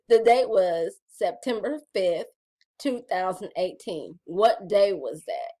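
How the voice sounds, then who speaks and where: A woman's voice: mid-range voice, sing-song, slow, mellow. A middle-aged woman vlogging about her gratitude journal in casual, playful chat, calling her viewers y'all.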